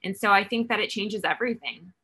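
Husky and sharp-toned, a woman's mid-range voice moves a little fast as she earnestly shares outreach stories in a Texas faith interview. She is the founder of an outreach ministry, appearing as a guest, and acts out her own lines while telling them.

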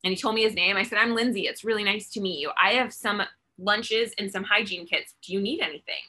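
Woman, bright voice, earnest, faith interview guest, storytelling. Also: medium pitch, brisk. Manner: earnest, acts out her own lines in a raised voice. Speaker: founder of an outreach ministry, guest. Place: Texas.

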